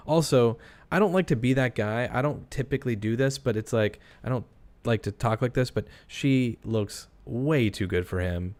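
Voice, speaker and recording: A man talking casually on a live stream, chatting and reacting to comments from viewers. His voice is smooth and clear, at a middle pitch. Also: darkish tone.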